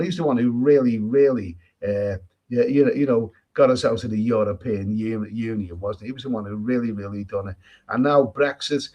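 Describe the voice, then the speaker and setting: An English man hosts a laid-back travel livestream from a Thai island, reading out viewer comments and replying in a chatty, repetitive way, often restarting and giving strong opinions. His voice sits in the mid range, and the highs are cut off.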